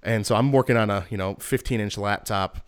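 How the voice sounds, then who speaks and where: Young man, low voice, dry close sound, casual rambling story, exasperated. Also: a little fast, clear, resonant tone, no echo.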